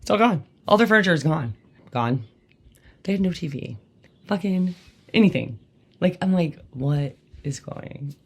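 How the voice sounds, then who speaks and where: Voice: mid-range voice, animated, moderate pace, long pauses, breathy edge. A podcast host telling a candid personal story in a casual, rambling way, with many fillers and emphatic bursts.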